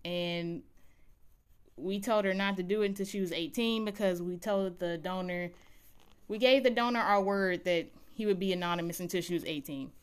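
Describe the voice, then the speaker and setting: Animated woman recapping a show for viewers; smooth, resonant tone. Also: fairly low pitch, moderate pace. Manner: animated, chatty storytelling. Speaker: TV recap vlogger. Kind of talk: casual episode recap.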